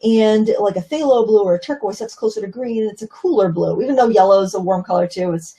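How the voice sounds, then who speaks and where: A woman's voice: medium pitch, fast, warm tone, poor audio. A woman teaching watercolor painting on a live stream, chatting casually and explaining as she paints, with plenty of fillers. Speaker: watercolor instructor.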